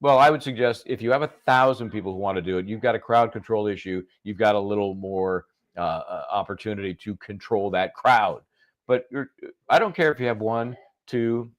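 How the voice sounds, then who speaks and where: A man's voice: lowish voice, moderate pace. A man giving live legal commentary in a sarcastic, conversational way.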